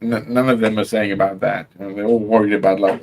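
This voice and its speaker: A man's voice: fairly low pitch, fast, hardly any pauses, slight background noise. A man from South Africa with a South African accent, chatting casually and loosely, full of slang and swearing. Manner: laid-back, swears, slangy. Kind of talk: casual chat.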